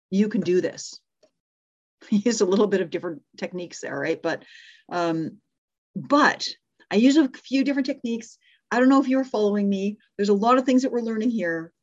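In dull audio, a middle-aged woman with a medium-pitched voice teaches a live speaking workshop as a communication coach. She demonstrates examples out loud and corrects herself as she goes.

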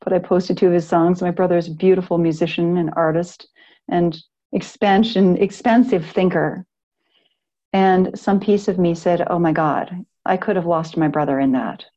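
A woman's voice: lowish voice, steady tone, normal speed, warm tone, dull audio. A middle-aged woman, a yoga teacher, talking to a live class in an earnest, rambling way with many restarts.

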